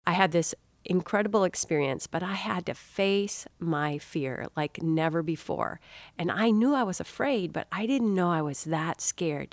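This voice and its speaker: A woman's voice: deep voice, dry recording. A middle-aged woman hosting an inspirational talk show, telling a personal story in a chatty, encouraging way and speaking to the listener as a dear soul. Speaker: podcast host and author.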